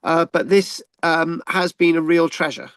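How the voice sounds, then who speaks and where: A man from England talks through the news in a loose, rambling way, stumbling over repeated words and filling gaps with ums. His voice sits a little high for a man, and the sound is close and dry. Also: a little slow, a bit bright, clean tone, no room sound. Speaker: history channel host. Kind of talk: casual talk over news clips.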